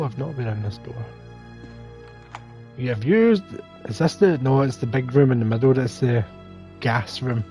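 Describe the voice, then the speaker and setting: A man's voice: medium pitch, warm tone. A man hosting a gaming livestream, chatting casually and self-deprecatingly as he thinks aloud through the game. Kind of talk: casual gameplay commentary.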